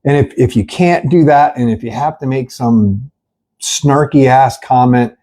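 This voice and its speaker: A man's voice: medium pitch, unhurried, warm tone. A middle-aged man from an animal rescue, speaking candidly to camera while grieving and angry, rambling with many fillers and blunt swearing. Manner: earnest, rambling, frequent fillers. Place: sitting with dogs at the rescue.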